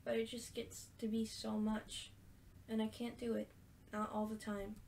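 A woman reading aloud the lines of a hurt but gentle young woman from a story game, in an earnest voice. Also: a little high, completely flat delivery, unhurried, vocal fry, slight background noise.

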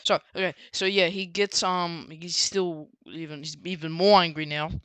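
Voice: mid-range voice, steady tone, moderate pace, a bit bright, clear, resonant tone, no echo. A book reviewer casually recapping a story, rambling with many fillers and restarts.

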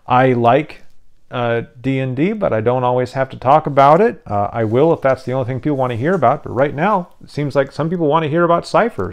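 Tired man rambling about game rules. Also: mid-range voice. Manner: rambling, frequent restarts and fillers. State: tired, yawning. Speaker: YouTube channel host. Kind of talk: casual rambling explanation.

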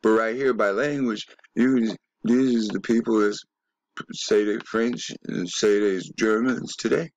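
A man talks slowly and insistently in a rambling monologue, pressing his points with rhetorical questions and curse words. His voice sits at a middle pitch, and the recording is close and dry, with no room sound. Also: steady tone, darkish tone, no room sound, dull audio. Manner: emphatic, profane, full of rhetorical questions. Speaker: video commentator.

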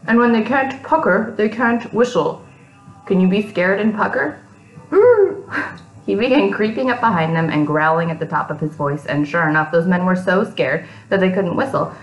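A woman's voice: fairly low pitch, reverberant, dull audio. A woman reading a picture book aloud to young children, breaking off for chatty asides to them.

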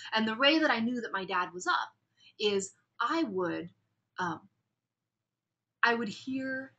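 A woman's voice: medium pitch, sharp tone. A woman instructor giving a recorded lecture on public speaking, upbeat and chatty with frequent restarts.

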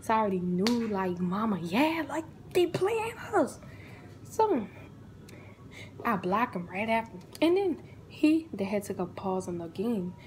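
Young adult woman, casual storytime vlog, animated, acts out each character. Faint noise. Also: mid-range voice, unhurried, low-quality recording.

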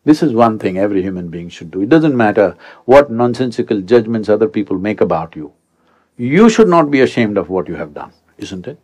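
A man in his sixties speaks as a spiritual teacher addressing a young crowd, and his voice sits a little low. He talks in an animated, rhetorical way, often turning to his listeners with quick prompts. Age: 60s. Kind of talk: speech to a young audience.

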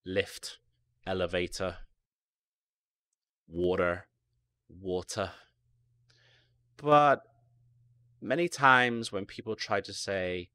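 A British man teaching an online English lesson, speaking slowly and enunciating carefully, repeating words so learners can drill them. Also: low voice, fairly even intonation, sharp tone, clean tone, no echo. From Britain. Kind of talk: online ESL lecture.

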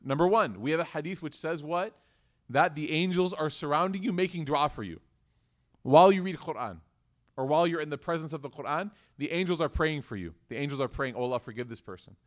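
A man's voice: on the high side, a little fast. A man teaching a religious class, talking casually and asking the students questions as he goes. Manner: conversational, asks the class questions. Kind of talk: interactive class lecture.

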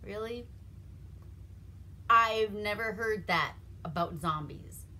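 A woman's voice: medium pitch, slow, pushed and bright, a little hiss or hum. A woman from Alaska giving a casual, rambling movie recap, laughing often as she goes. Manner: giggly, rambling, with frequent laughs. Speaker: movie reviewer.

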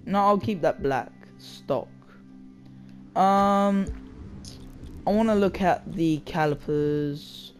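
A man's voice: high-pitched, takes it slowly, long pauses. A young man giving casual, rambling gameplay commentary from his chair at home, full of slang and asides to his viewers. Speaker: gaming video creator. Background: loud game music.

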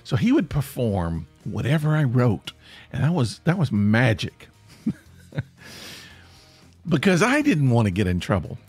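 Male podcast host, comic raconteur, swooping lively delivery, dry close sound. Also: medium pitch, measured pace, pauses often, slightly rough, dry recording, faint music behind. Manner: animated, self-deprecating, laughs mid-sentence. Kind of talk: comic storytelling.

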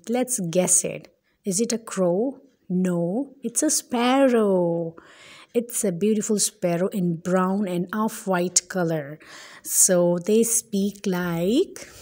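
A woman narrating a toddler puzzle video, talking in a slow, sing-song teacher voice. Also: mid-range voice, a little mellow. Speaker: children's educational narrator.

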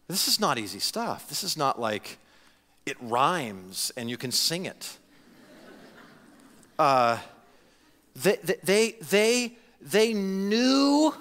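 A male pastor preaching with a bright, forceful voice pitched a little high. He speaks in an animated, conversational way and often restarts his phrases. His voice carries a long reverb from the church sanctuary. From United States. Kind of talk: sermon.

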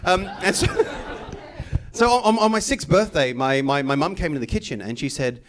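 A young man doing stand-up comedy in a chatty, animated style, often tagging lines with "right?". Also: high-pitched, normal speed.

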